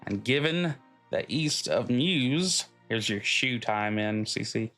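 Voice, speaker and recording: A man reading the lines of a calm, scheming male army strategist from a video game aloud, with stumbles and restarts. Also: mid-range voice, slow pace, soft background music. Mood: measured.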